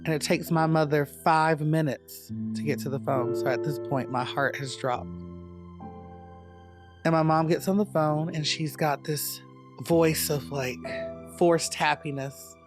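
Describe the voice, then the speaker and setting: A man from North Carolina tells his story in a reflective, measured way for a documentary interview. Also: a little high, steady tone. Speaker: dance company founder. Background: soft guitar music.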